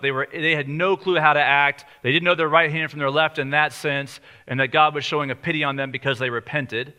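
A man preaching a sermon in a conversational way, slowing down on key lines for emphasis. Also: fairly high pitch, bright, forceful tone. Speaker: pastor.

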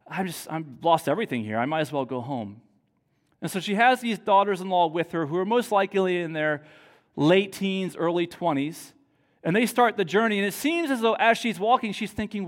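A man preaching a sermon, reading scripture aloud and retelling it with expressive, dramatic paraphrase. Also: sits high. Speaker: pastor. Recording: long reverb of a large hall.

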